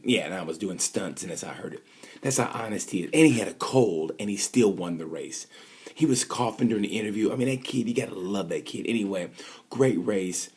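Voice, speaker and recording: A man's voice: fairly low pitch, a little mellow, slightly rough. A man talking casually and ramblingly about motorcycle races, acting out little quoted voices. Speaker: motorcycle racing fan commentator. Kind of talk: casual opinion vlog.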